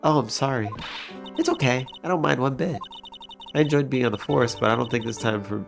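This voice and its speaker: A man's voice: medium pitch, a little fast, gravelly, soft background music, pitched above the performer's own voice, lightly acted. Man reading as a cheerful unlucky young waitress. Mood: upbeat. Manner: reading game dialogue aloud in a plain voice. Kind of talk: let's play dialogue reading.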